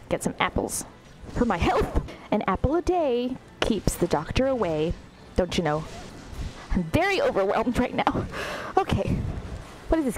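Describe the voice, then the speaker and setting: A woman's voice: fairly high pitch, a little hiss or hum, low-quality recording. A woman streaming a video game, commenting sarcastically and laughing as she talks back to the characters. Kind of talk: live gameplay commentary.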